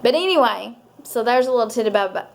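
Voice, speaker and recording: A woman's voice: on the high side, animated, quick pace, vocal fry. Chatty woman vlogging, rambling. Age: adult parent. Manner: chatty, rambling, with many fillers. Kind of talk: casual chat to camera.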